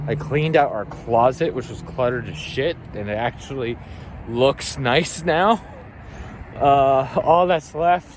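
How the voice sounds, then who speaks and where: Casual male vlogger, unhurried delivery, tired, rambling. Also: mid-range voice, noisy background. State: tired, low energy. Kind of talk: casual vlog talk.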